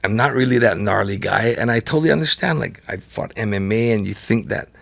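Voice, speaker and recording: A man, a podcast guest telling stories in a relaxed, chatty way, laughing often and peppering his speech with "like" and "right?". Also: fairly low pitch, brisk, vocal fry. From Hawaii. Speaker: podcast guest, multi-sport champion. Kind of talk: casual storytelling interview.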